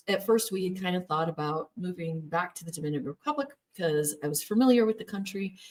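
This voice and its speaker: A woman in her thirties recounts her own story in a frank, personal way, laughing now and then. Her voice sits a little low, and she is recorded from some distance from the microphone. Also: darkish tone. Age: 30s. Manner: candid, laughs often, acts out quoted voices. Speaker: former Jehovah's Witness telling her story. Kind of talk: personal testimony.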